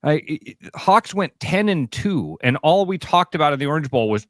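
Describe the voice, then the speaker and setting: Excitable male sports radio co-host. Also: a little high, normal speed, no echo, studio quality. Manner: animated, rambling, swears, many restarts.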